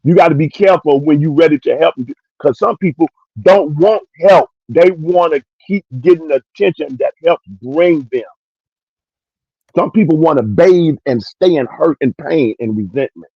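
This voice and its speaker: A man hosting a casual opinion livestream, making slow, preachy, emphatic points. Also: on the high side, no echo, dull audio. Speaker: livestream host.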